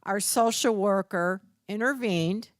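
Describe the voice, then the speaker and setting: A woman's voice: medium pitch, slow pace, no room sound, clean studio sound. An older woman presenting a caregiving workshop, teaching through stories and acting out the people she quotes. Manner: storytelling, acts out quoted voices.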